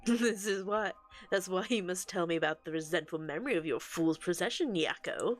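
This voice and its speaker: A woman reading game dialogue aloud for an earnest, scholarly male occult researcher, with a measured, explanatory delivery. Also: fairly low pitch, soft background music, close to an everyday voice.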